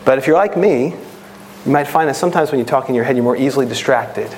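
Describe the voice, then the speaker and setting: A man's voice: medium pitch, fast, darkish tone, slight background noise. A man preaching a sermon in an earnest, teaching manner, a parent of children. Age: adult with children. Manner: earnest, rises to impassioned prayer voice.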